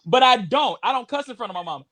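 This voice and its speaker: A man from Houston talks in a loose, profane chat, his voice sitting high and swinging widely. He stammers and restarts often. The tone is bright and lively. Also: fast talker. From Houston, Texas. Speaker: co-host. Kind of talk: casual chat.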